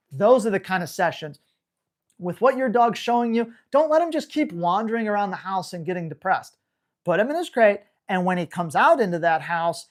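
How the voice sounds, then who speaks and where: Slow-talking woman coaching on dog training. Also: medium pitch. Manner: energetic, emphatic, casual coaching talk. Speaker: dog trainer answering viewer questions. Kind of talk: live Q&A coaching.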